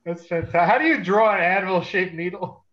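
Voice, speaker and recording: A man's voice: high-pitched, fairly quick, a bit bright. Dry, wisecracking man, dull lo-fi sound. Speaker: podcast co-host. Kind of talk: casual podcast chat.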